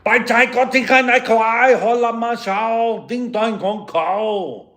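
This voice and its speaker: Guy doing squeaky sing-song gibberish, slowing down as it goes. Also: a bit bright, full character voice. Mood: frantic. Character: excited man babbling foreign-sounding nonsense.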